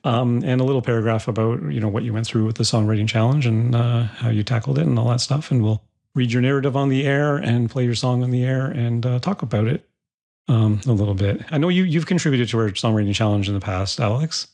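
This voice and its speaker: A man's voice: mid-range voice, fast talker, vocal fry, a little mellow. A man hosting a songwriting podcast, chatting casually and rambling with many restarts. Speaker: podcast host. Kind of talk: casual interview chat.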